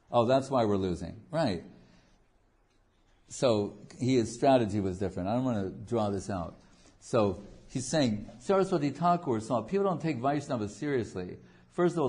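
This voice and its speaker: A man's voice: fairly low pitch, warm tone. A man giving an informal devotional talk as a spiritual teacher, a digressive storyteller who jokes and acts out quotes. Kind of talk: informal devotional lecture with anecdotes.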